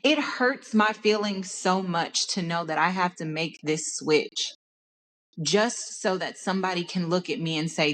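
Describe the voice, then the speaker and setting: A woman's voice: fairly low pitch, a little slow, fairly bright tone. Podcast host: young woman from Dallas, Texan accent, candid, passionate monologue, frequent restarts. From Dallas, Texas. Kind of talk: personal monologue.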